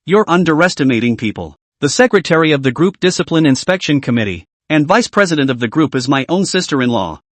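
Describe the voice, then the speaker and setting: A man's voice: fairly high pitch, big pitch swings, quick pace, hardly any pauses, no room sound. A man reading the lines of an eager young female protégée, polite and earnest.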